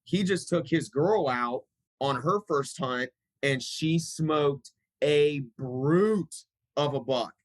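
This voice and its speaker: A man talking as a podcast guest, his voice a touch higher than average. He sounds laid-back but emphatic and stresses his points hard. The recording is dry and close. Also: slow pace, no room sound, low-quality recording. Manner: emphatic and laid-back, calls people dude. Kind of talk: casual podcast conversation.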